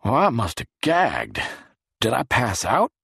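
A man's voice: medium pitch, huge pitch swings, unhurried, gravelly, fairly bright tone, breathy edge, no echo, studio quality, pitched above the performer's own voice, heavily acted. A man reading an audiobook, voicing a crude, sour man who mutters thickly. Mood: dazed. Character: sick, crude, grumbling man.

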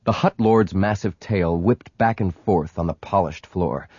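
A man reading a story aloud in scripted narration, steady, with quiet, clipped lines for the hero. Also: sits low, measured pace, breathy edge, no room sound. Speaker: audiobook narrator. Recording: dry, dull lo-fi audiobook recording.

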